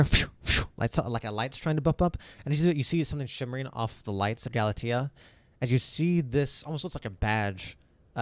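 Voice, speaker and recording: A man's voice: medium pitch, darkish tone, no room sound. A man narrating a tabletop game as game master, rambling with lots of fillers and restarts.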